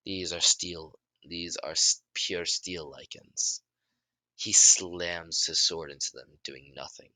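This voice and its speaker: A man improvising a fan story in halting narration, often restarting his sentences and shouting out the characters' lines. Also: low-pitched, no room sound. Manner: halting, many restarts and self-corrections; bursts into loud shouts for dialogue.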